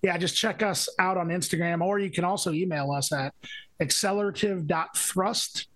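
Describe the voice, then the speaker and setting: A man's voice: sits high, fairly even intonation, normal speed, a bit bright. A man co-hosting a music podcast in casual chat, rambling and full of fillers as he hunts for words. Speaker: podcast co-host.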